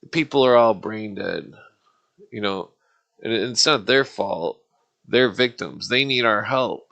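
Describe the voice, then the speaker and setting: A gravelly man rants on his livestream, swearing constantly. His voice is bright and edged, and he rambles angrily, restarting his sentences. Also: lowish voice, measured pace. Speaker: livestream host. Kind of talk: ranting political livestream.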